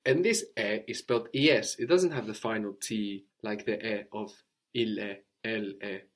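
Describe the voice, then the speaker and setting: A man teaching French to a student, explaining slowly and repeating phrases for her to copy. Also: fairly low pitch, fairly bright tone. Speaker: language teacher.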